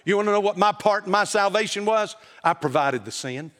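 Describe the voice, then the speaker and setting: A high-voiced male pastor delivers a sermon from the pulpit. He preaches emphatically, firing rhetorical questions at his congregation and answering them himself. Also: expressive, fairly quick, fairly bright tone. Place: church.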